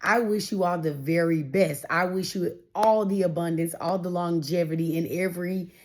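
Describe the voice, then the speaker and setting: A woman's voice: fairly low pitch, normal speed. A woman giving a casual tarot reading straight to her viewers, encouraging and repeating phrases for emphasis. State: getting emotional. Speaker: tarot reader.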